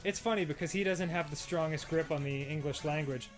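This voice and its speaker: A man co-hosting a casual comedy show, telling family stories in an animated way and often laughing. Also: fairly high pitch, brisk, faint music behind. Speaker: co-host.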